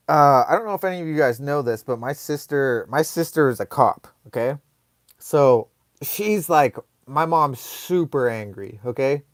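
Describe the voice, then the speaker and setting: A man hosting a live online show, telling a comic story casually in a rambling, animated way full of fillers. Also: a little high, no echo, clean studio sound.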